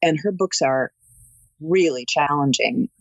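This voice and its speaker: Expressive woman narrator, dry close sound. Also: sits low, measured pace, dry recording, dull audio. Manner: articulate, expressive storyteller. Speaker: audiobook narrator, guest. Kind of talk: interview conversation.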